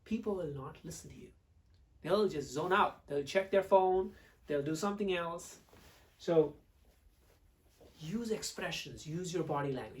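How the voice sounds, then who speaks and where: A man teaching public speaking to camera, expressive, swinging between loud and hushed delivery. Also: fairly high pitch, a little slow, pauses often, far from the mic.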